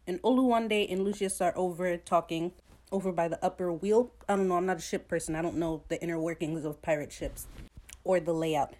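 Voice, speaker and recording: A woman casually recapping a TV episode, blunt and profane, jumping into quick character voices as she retells scenes. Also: lowish voice, steady tone, darkish tone. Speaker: podcast host recapping a TV episode.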